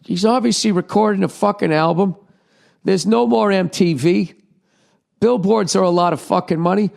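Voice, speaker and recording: A man's voice: high-pitched, moderate pace, vocal fry, a little mellow. A middle-aged man hosting a podcast, ranting sarcastically through a profane comedic monologue. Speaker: podcast host.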